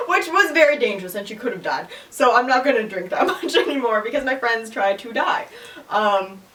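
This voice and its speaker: A woman's voice: on the high side, big pitch swings, moderate pace, a bit bright. A woman co-hosting a podcast in casual chat, laughing often and teasing. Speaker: podcast co-host. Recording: echoey room, mic at a distance.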